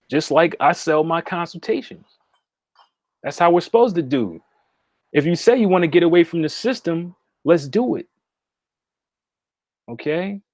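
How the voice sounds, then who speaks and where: A man's voice: on the high side, no room sound, studio quality. A man hosting a casual livestream from his home meditation room, talking straight to viewers and often checking in with "okay?". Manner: direct, repetitive, asks "okay?" often. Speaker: livestream host and spiritual consultant.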